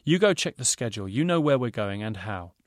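A man voicing a fussy male fashion designer who talks in rapid, pompous salesman's patter. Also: medium pitch, sing-song, dry recording, clean studio sound, lightly acted. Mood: courteous eager.

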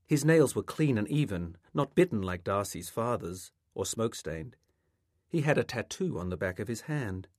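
Male author reading his own fiction: low voice, lively pitch, dry close-miked sound. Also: moderate pace, no echo. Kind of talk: reading a literary novel aloud.

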